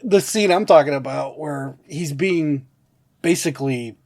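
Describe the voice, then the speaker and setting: A man's voice: fairly high pitch, unhurried, a little mellow. A man co-hosting a podcast in casual chat, laughing a lot, swearing freely and acting out quotes in put-on voices. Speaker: podcast co-host.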